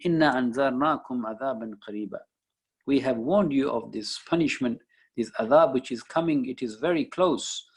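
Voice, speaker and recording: A man's voice: mid-range voice, normal speed, a little mellow, breathy edge, rough recording. A man teaching a Quran lesson, reciting verses and explaining each one in English. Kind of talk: Islamic study lecture.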